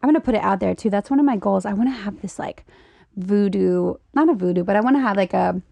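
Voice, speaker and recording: A woman hosts a casual interview, full of eager, gushing reactions. Her voice has a strong gravelly fry. The recording is dry and close. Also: medium pitch, fast talker, warm tone, no room sound. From Louisiana. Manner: enthusiastic, gushing exclamations. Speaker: host.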